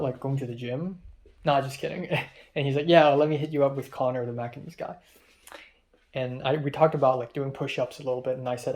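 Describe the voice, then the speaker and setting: In a rambling, diary-style vlog, a young man tells a personal story full of ums and quoted back-and-forth, sounding tired. His voice is medium-pitched with a darkish tone.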